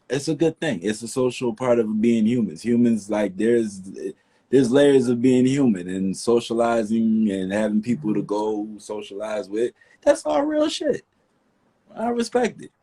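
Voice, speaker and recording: A man's voice: lowish voice, moderate pace, dark tone, breathy edge. A man in a candid talk-show chat who tells things animatedly, swearing and calling people "bruh".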